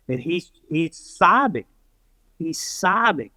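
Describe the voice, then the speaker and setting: A man's voice: fairly high pitch, lively intonation, normal speed, a bit bright, dry recording, poor audio. An older man telling a story as an interview guest, animatedly acting out the voices of the people he quotes.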